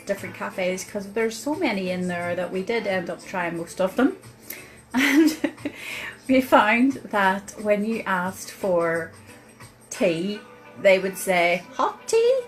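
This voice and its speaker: A woman with a Northern Irish accent, telling a chatty personal story to camera as a vlogger, with many pauses and fillers. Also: mid-range voice, low-quality recording. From Northern Ireland.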